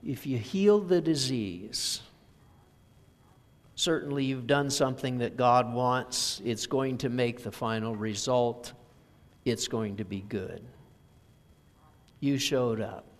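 A man preaching a sermon, reading scripture and telling stories in a slow, measured way. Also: mid-range voice, long reverb tail. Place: church sanctuary.

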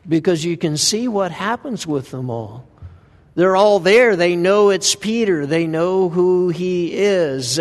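A man preaching a conversational sermon in a church, reading scripture and asking the listeners frequent rhetorical questions. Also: fairly high pitch. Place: church sanctuary. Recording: reverberant hall sound.

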